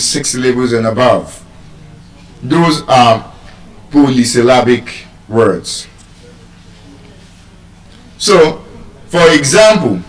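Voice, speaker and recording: A man giving a live lesson on word stress, deliberate and teacherly, repeating key terms. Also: mid-range voice. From Nigeria. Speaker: English language teacher. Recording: roomy sound, mic far off.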